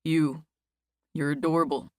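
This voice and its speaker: A woman reading a playful, teasing young man in an audiobook, lowering her voice only slightly. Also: little pitch movement, unhurried, darkish tone, no echo, studio quality.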